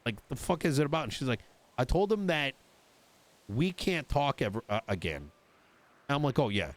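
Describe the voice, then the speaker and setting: A man's voice: medium pitch, sing-song, normal speed. Exasperated swearing man ranting in roleplay. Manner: exasperated, swearing, retelling an argument with quoted dialogue. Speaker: roleplayer voicing a politician character. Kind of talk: in-character roleplay chat.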